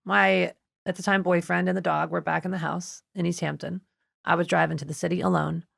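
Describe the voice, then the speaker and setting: Gravelly-voiced woman telling her story. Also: lowish voice, brisk, no room sound, clean studio sound. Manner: expressive, acts out other people's voices in her story. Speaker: podcast guest. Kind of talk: emotional personal storytelling. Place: podcast studio.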